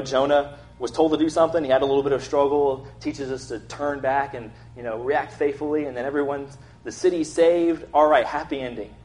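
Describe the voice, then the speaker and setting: A man's voice: mid-range voice, a little mellow. A young man preaching a casual, conversational sermon, acting out quotes in an everyday voice. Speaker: pastor.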